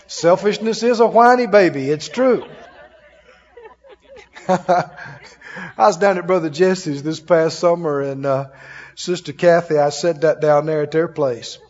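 A man's voice: on the high side, slow, pauses often, a little mellow, long reverb tail, muffled recording. A male preacher giving a folksy, emphatic sermon, often laughing as he preaches.

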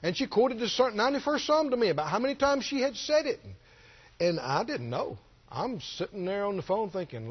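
A man's voice: high-pitched, very animated, a little fast, husky. A middle-aged man preaching a sermon, telling a story and rising to stress his key points. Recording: dull lo-fi sermon recording.

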